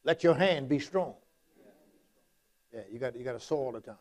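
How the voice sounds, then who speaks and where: A man's voice: medium pitch, normal speed, darkish tone. A man preaching a sermon in a folksy, repetitive, emphatic way, quoting Scripture.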